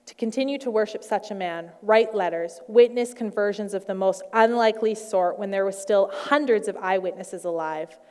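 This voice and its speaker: A woman preaching a sermon, mid-pitched, chatty and loose, with playful asides. Her voice carries a long reverb from the hall she speaks in. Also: normal speed, hardly any pauses, darkish tone, smooth.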